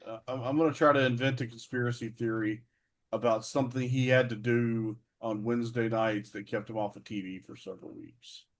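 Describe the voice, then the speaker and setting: A man's voice: mid-range voice, steady tone, brisk. A man co-hosting a podcast, chatting casually and joking, laughing often and stammering at the starts of his sentences. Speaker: podcast co-host. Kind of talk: casual chat about classic wrestling.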